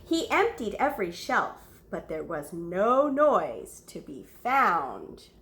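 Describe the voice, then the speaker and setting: A woman reading a story aloud to children, pausing to ask the young listeners questions and gasping or whispering for effect. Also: mid-range voice, very animated, fairly bright tone.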